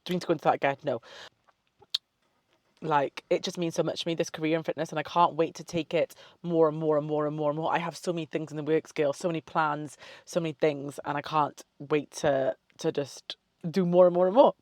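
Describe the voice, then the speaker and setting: A woman's voice: low voice, flat delivery, a little fast, no room sound. A young woman in a casual Q&A chat to camera, a fitness coach who swears freely, drifts off on tangents and gives upbeat self-love pep talk. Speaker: fitness model and online coach.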